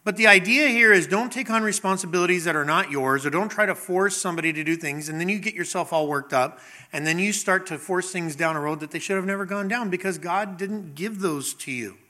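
A man's voice: high voice, fairly quick, pushed and bright. A middle-aged man preaching a sermon in a conversational way, asking the congregation questions and acting out little scenes. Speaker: pastor.

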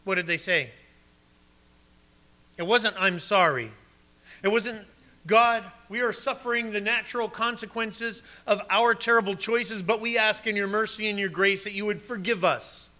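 Male preacher, fairly high and very bright tone, emphatic sermon delivery with soft low drops. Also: moderate pace. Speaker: pastor.

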